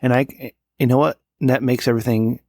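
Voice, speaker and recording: Gravelly tipsy man in his thirties. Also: mid-range voice, fairly even intonation, a little fast, warm tone, dry recording, studio quality. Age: 30s. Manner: rambling, profane, tipsy. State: slightly drunk. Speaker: podcast co-host. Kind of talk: casual podcast chat. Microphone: studio microphone.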